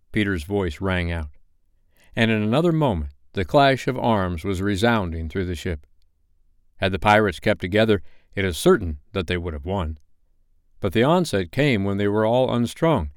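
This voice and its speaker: Man, bedtime storyteller, lively expressive reading, smooth resonant voice, dry close sound. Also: fairly low pitch, no echo. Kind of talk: audiobook narration.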